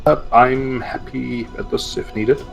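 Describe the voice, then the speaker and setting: A man in a gaming voice chat with a dry sarcastic wit, calmly explaining team plans. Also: mid-range voice, measured pace, vocal fry, soft background music, rough recording. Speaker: gamer organizing a team campaign.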